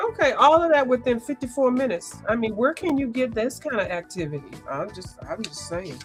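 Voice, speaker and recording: A woman, chatting casually and rambling as she hosts a coloring livestream, sounding congested and clearing her throat. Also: a little high, expressive, moderate pace, soft background music. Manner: chatty, rambling, lots of asides and restarts. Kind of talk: casual chat.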